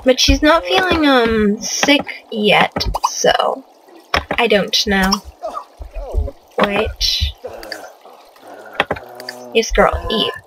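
A woman's voice: on the high side, lively intonation, extremely slow, long pauses, very noisy. Swearing young woman scolding her game. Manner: exasperated, swears a lot, scolds the game characters. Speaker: gaming channel host. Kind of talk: casual let's play commentary.

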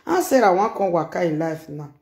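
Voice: mid-range voice, very animated, brisk, a little mellow, echoey room. A speaker with a Nigerian accent giving casual reaction commentary on social media drama, exclamatory and given to repeating phrases. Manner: exclamatory, repeats phrases, mixes Pidgin and Yoruba.

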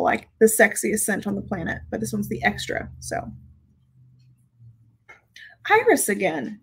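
A woman with a slightly high-pitched voice chats casually at home while reviewing perfumes. She giggles often and reads out viewer comments as she goes. Her delivery is loose and conversational. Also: vocal fry, breathy edge, rough recording. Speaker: fragrance reviewer. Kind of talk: casual live-stream chat. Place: home with dogs.

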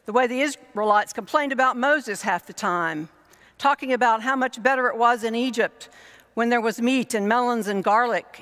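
A woman pastor delivering a reflective sermon in a measured way, building her points through lists and repetition. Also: on the high side, a bit bright. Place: church. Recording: long reverb of a church hall.

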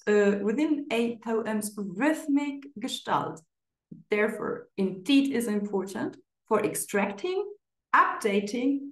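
A woman giving an academic conference presentation of research results, measured and paused with frequent fillers. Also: mid-range voice. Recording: roomy echo.

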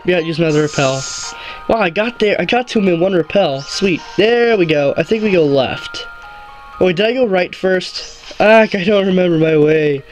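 A male let's play host talks through his game in a loose, rambling way, cracking small jokes and correcting himself mid-sentence. His voice sits a little higher than most men's, and quiet game music plays under him. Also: rough recording. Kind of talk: casual gameplay commentary.

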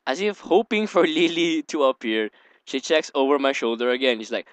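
A young let's-player reads a visual novel out loud, interrupting himself with rambling, giggly side comments. He has a smooth, clean, medium-pitched voice with lively intonation, a little fast, sitting right at a dry desk mic with no echo or room sound.

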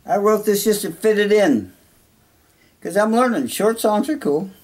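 A man's voice: high-pitched, expressive, unhurried, music in the background. A man chatting casually in a vlog, rambling and joking as he talks to himself between songs. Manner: rambling, jokey, talking to himself. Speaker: musician vlogger.

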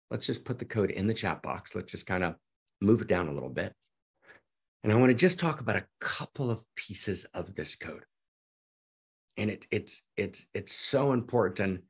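A man hosting an online gathering on a video call who talks effusively and excitedly to his audience, repeating words and restarting often. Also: low voice, slightly rough. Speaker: teacher and host of an online gathering. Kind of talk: excited spontaneous talk to an audience.

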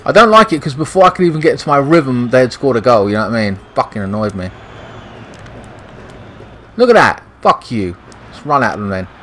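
A man's voice: mid-range voice, big pitch swings, fairly quick, long pauses, a bit bright, slight background noise, poor audio. A young British man giving frustrated, swear-heavy commentary over a football video game. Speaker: gaming YouTuber. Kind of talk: gameplay commentary.

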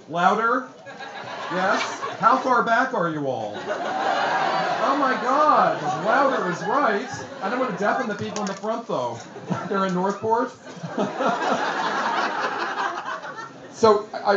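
An effusive, theatrical man, his voice sitting a little high for a man, speaks to an audience in a bookstore. The sound is roomy and somewhat dull, with a faint murmur of the space behind him. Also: background noise. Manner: effusive, theatrical, self-deprecating. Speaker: author at book talk. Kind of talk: casual public talk.

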